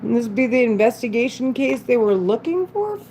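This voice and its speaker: A woman's voice: on the high side, expressive, normal speed, mellow, a little hiss or hum, rough recording. A woman talking alone in an unscripted monologue, agitated and rambling, with frequent swearing and broken-off sentences. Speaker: vlogger.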